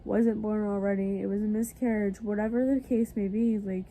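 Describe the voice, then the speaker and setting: Tired, gravelly-voiced woman vlogger, earnest. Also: mid-range voice, fairly even intonation, moderate pace, warm tone, slight background noise. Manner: earnest, confiding. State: tired and congested. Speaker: family vlogger. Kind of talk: casual personal talk to camera.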